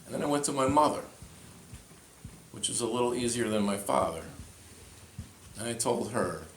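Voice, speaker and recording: A man's voice: mid-range voice, animated, normal speed, slight background noise. A man who is a pastor, giving a sermon and telling a story in the manner of a storyteller. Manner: storytelling, retelling a conversation in quotes. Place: church. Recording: echoey church with faint ambience.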